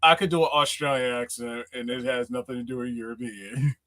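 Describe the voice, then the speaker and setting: A man's voice: mid-range voice, fairly even intonation, a little fast, bright, forceful tone, no echo. A man co-hosting a casual film podcast in a playful, teasing manner. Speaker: podcast co-host. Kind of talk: casual panel chat.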